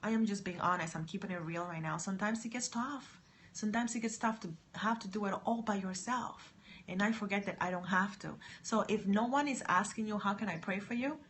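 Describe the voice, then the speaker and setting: An earnest woman speaks straight to her viewers in a faith-based pep talk, with her pitch sitting in the middle. She drops to near-whispers and then rises into loud, excited urging. A faint hiss of room noise sits under her voice. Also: brisk. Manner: earnest, swings from soft and hushed to loud and excited. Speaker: motivational vlogger.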